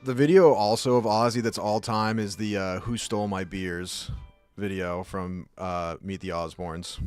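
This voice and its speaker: A man's voice: sits low, steady tone, measured pace, darkish tone, smooth, dry recording, faint music behind. A man streaming and chatting casually, rambling through jokey asides. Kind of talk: casual chat.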